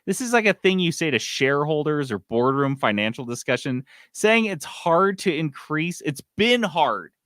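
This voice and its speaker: A male podcast co-host rants in casual chat, his pitch swinging widely as he swears and jokes. The sound is dry and close. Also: moderate pace, hardly any pauses, no echo. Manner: animated, swearing, ranting.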